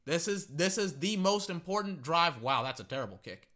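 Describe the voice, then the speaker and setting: Brief: man, fan commentator, high lively voice, sharp bright tone, rambling live game reactions. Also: normal speed. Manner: excitable, rambling, repeats words.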